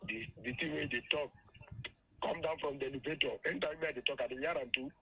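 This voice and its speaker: A man's voice: fairly high pitch, fairly even intonation, fast, sharp tone, slightly rough. A Nigerian man calling in to a radio show, speaking pidgin, with short, hesitant answers over the phone. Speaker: caller. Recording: tinny phone line heard through a radio.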